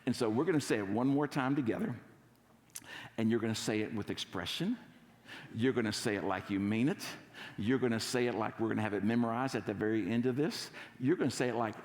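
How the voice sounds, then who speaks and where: Gravelly pastor in a reverberant church. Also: male voice, medium pitch, fast. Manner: playful, coaxing congregation to recite. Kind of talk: sermon. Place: church sanctuary.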